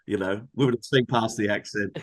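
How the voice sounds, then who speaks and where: An easygoing Australian man chats as a guest author, relaxed and friendly in his phrasing. His voice sits low and steady. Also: brisk. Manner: easygoing, chatty, uses fillers like mate. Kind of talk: casual interview chat.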